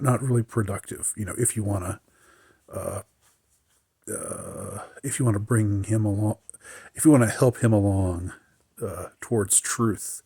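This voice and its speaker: A man in a casual solo monologue, his voice low and a little husky. He halts often, restarts his sentences and fills pauses. The sound is dry and close, with no room around it. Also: a little mellow, dry recording. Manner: halting, many fillers and restarts; reflective, mildly aggrieved. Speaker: podcaster.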